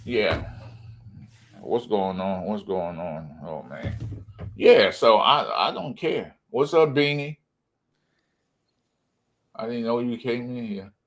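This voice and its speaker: A man's voice: lowish voice, animated, slow pace, pauses often. Rambling man hosting a livestream. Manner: rambling, stumbles over words while reading comments aloud; laughs often, drifts between loud and mumbled. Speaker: livestream host. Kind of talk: casual livestream rant.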